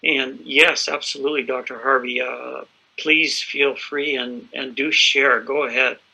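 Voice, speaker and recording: A man's voice: medium pitch, steady tone, a little slow, vocal fry, bright, forceful tone, breathy edge, poor audio. A man hosting a business presentation in a formal, courteous way with some hesitant fillers.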